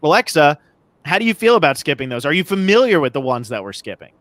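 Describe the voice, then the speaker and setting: A man's voice: fairly high pitch, sing-song, fast talker, fairly bright tone, no echo. A man co-hosting a casual podcast chat, talking enthusiastically and joking as he gushes about his favorites. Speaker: podcast co-host.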